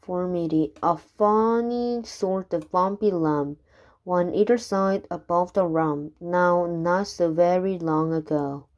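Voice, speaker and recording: A woman reading rhyming children's poems aloud, unhurried, now and then stumbling and restarting a word. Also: fairly low pitch, a little mellow, muffled recording. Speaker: reader.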